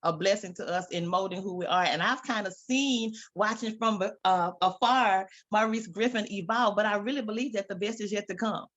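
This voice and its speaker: A woman's voice: mid-range voice, moderate pace, few pauses, dull audio. A woman hosting a faith radio interview, affirming and encouraging her guest. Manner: warm encouraging, affirming responses. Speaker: radio host.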